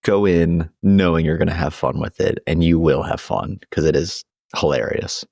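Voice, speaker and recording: A man's voice: deep voice, moderate pace, gravelly, darkish tone, no echo, studio quality. A young man co-hosting a podcast in casual chat, laughing often as he retells scenes. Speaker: podcast co-host.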